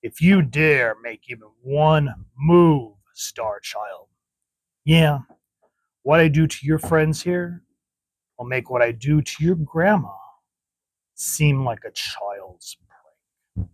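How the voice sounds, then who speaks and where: A man's voice: a little high, expressive, takes it slowly, pauses often, no echo. A man reading out a menacing alien warrior's threat, in a cold, taunting way that trails off into a whisper.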